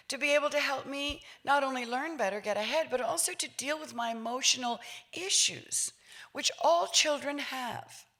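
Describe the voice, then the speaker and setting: A woman in her sixties giving a public talk, telling a personal story in an animated way and acting out voices with laughs. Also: fairly high pitch. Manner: lively, acts out voices, laughs while telling. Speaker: featured speaker.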